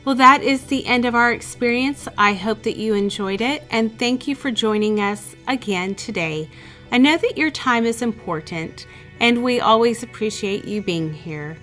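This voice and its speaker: A woman calmly reading out a first-person story as the channel's narrator, in an even storytelling delivery. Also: fairly high pitch, moderate pace, faint music behind. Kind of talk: scripted narration of a reader's story.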